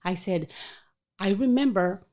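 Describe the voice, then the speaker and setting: Mellow-voiced woman telling a story. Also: mid-range voice, a little slow. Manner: chatty, animated storytelling with quoted voices. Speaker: podcast host. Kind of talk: casual storytelling.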